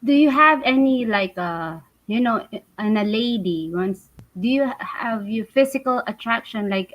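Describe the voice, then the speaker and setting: Halting woman interviewer full of fillers. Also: fairly high pitch, lively intonation, muffled recording. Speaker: interviewer, show host. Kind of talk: casual interview.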